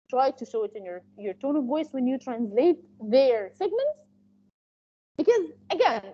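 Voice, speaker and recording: Woman teaching a class, high mellow voice, lots of uh and restarts, kinda muffled lo-fi audio. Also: breathy edge. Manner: explains at length with many fillers and restarts. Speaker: interpreting instructor. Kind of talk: live online training lecture.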